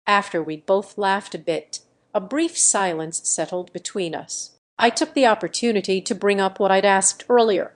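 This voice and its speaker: Woman reading a romance audiobook, gentle and earnest, medium pitch. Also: moderate pace, hardly any pauses. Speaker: audiobook narrator. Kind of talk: first-person romance audiobook narration.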